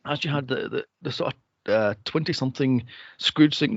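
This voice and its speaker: A man co-hosting a podcast, chatting casually about a movie, laughing and acting out scenes in high, silly voices. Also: normal speed, creaky, dry recording, dull audio. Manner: laughing, animated retelling with squeaky impressions. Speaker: podcast co-host. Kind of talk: casual movie-review chat.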